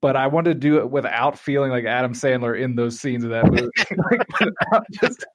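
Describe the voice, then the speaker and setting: A man's voice: medium pitch, animated, fairly quick, a crowd in the background. A man co-hosting a podcast, telling a story in casual chat, rambling and laughing often. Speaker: podcast co-host.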